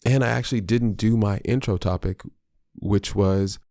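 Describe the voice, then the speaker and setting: A man's voice: lowish voice, fairly even intonation, moderate pace, dark tone, no echo, studio quality. A man hosting his own podcast, a father talking in a reflective, candid and slangy way, often restarting his sentences. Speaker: podcast host; father of a small child. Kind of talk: solo podcast monologue.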